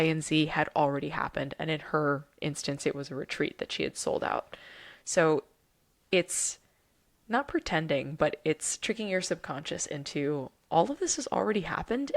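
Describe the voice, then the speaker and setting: A woman's voice: sits low, vocal fry. A woman co-hosting a podcast, chatting casually with lots of fillers and jokes. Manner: chatty and joking, filler-heavy. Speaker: podcast co-host.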